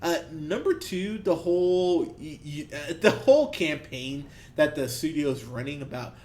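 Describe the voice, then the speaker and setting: A man's voice: on the high side, expressive, a little slow, darkish tone. A man co-hosting a movie podcast, ranting heatedly and profanely about bad films with bursts of laughter. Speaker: podcast co-host. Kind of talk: ranty movie review chat.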